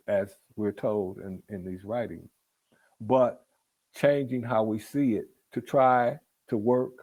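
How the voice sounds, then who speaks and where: Gravelly man leading a spiritual talk. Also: medium pitch, darkish tone. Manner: earnest, repetitive, builds to emphatic peaks. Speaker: book club leader.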